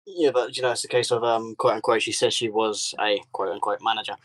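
Guy on a podcast, swearing a lot, animated stories, dry close sound. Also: fairly low pitch, brisk, no room sound, poor audio. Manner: swears freely, animated storytelling. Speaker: podcast co-host. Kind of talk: casual chat.

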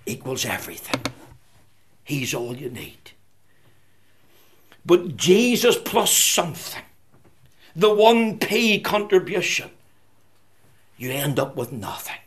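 A man preaching a fervent evangelistic sermon, rising to loud declarations and dropping to hushed, whispered scripture quotes. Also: a little high, animated, slow pace, long pauses.

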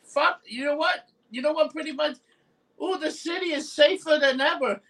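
A man's voice: very high-pitched, normal speed, gravelly, bright, forceful tone, far from the mic. A man with a New York accent co-hosting a casual chat show, blunt and profane, laughing often. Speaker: podcast host.

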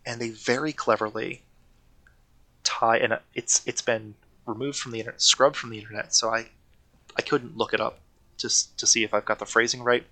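A man's voice: mid-range voice, fairly even intonation, moderate pace, sharp tone. A man co-hosting a casual podcast, talking eagerly and rambling, often correcting himself. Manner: enthusiastic, rambling, self-correcting. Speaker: podcast co-host.

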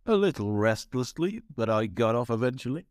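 A British man reading the lines of a suave spy hero slowly and deadpan, close to his own voice. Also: mid-range voice, dry recording, close to an everyday voice.

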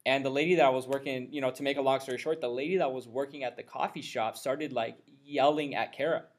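A man hosting a casual podcast conversation, talking in a loose, rambling, animated way. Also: mid-range voice, quick pace. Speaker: podcast host.

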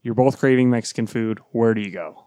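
A man co-hosting a casual podcast chat, teasing his friends and quick to laugh. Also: medium pitch, mellow, no room sound, clean studio sound. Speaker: podcast co-host.

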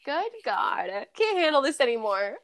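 A woman's voice: high-pitched, measured pace. Blunt, profane young woman podcaster. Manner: blunt, profane, animated storytelling. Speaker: podcast co-host. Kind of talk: casual chat.

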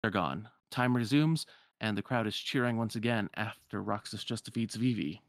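A man's voice: fairly low pitch, normal speed, dry recording, studio quality. A man casually retelling a video game's story in a loose, filler-heavy way, briefly putting on voices for the characters. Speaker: game recapper. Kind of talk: casual video game recap.

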